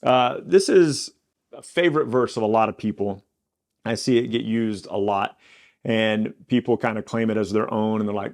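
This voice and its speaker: A man's voice: fairly low pitch, creaky, darkish tone. A man hosting a Bible podcast, teaching in a casual, conversational way and briefly acting out the quoted lines. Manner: conversational, acts out God's lines with quick quirky quotes.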